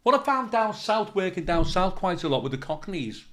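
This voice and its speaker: Comedian guest, male, high and very animated, mimics characters as he talks. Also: normal speed. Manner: animated storyteller, swears freely, acts out other people's voices. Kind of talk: anecdote-telling in casual chat.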